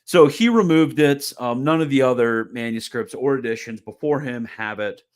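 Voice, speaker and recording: The host of a theology video channel speaks at a normal pace in a medium-pitched voice, giving a casual, chatty explanatory lecture. He often repeats words and restarts phrases, with a wry, mildly sarcastic edge.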